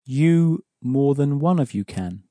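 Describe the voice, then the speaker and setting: Mellow-voiced male language teacher. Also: medium pitch, expressive, slow pace, dry recording, clean studio sound. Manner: patient, clear explaining. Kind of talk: explaining an audio course lesson.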